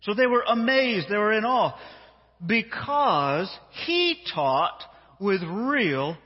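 A man preaching a sermon, acting out a Bible story with a playful, animated manner on a handheld mic in a church hall. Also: sits high, slow, husky. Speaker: pastor. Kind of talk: sermon with dramatized reading. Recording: dull sound, long hall reverb.

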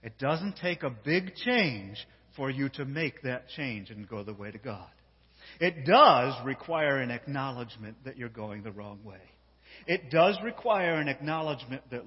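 A man preaching with a lively voice that rises and falls widely, a little husky and pitched fairly high. He tells his story with animation, stumbling over repeated words as he gets going. The sound is dull and rings with a long hall reverb. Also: a little slow. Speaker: pastor. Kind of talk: sermon.

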